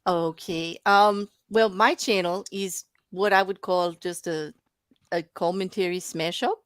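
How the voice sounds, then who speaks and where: Low-voiced woman commentary guest. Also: steady tone, unhurried, clear, resonant tone, no echo, studio quality. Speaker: commentary channel host, guest. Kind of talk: casual panel chat.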